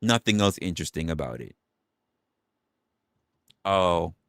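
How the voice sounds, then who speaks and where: A man's voice: sits low, lively intonation, a little slow, a bit bright, dry recording, studio quality. A young man from New City, ranting animatedly and jokingly on a livestream. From New York City. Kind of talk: casual livestream rant.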